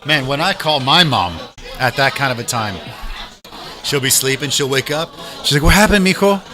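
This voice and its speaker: A man hosting a casual podcast chat, easygoing and quick to agree, full of short affirmations. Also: medium pitch, lively intonation. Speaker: podcast host.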